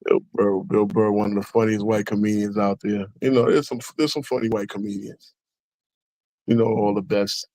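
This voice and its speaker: Man, casual sports stream chat, excitable, voice jumps up when frustrated, dry close sound. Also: on the low side, normal speed, dry recording, rough recording. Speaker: live stream co-host.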